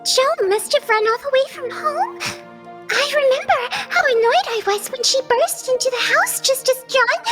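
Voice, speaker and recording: A woman's voice: lively intonation, over music. A woman doing a prim, fussy eldest sister. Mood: wistful. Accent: mock Boston. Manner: fussy, scolding, slow and high. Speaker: cast reader. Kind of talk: comic reading of a radio drama.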